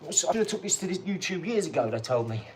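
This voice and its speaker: A man's voice: fairly high pitch, very animated, fast talker, a little hiss or hum. A man, hosting a live stream, chatting in a rambling, boastful way, laughing at himself and sliding into boxing tips. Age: 40s. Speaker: channel host.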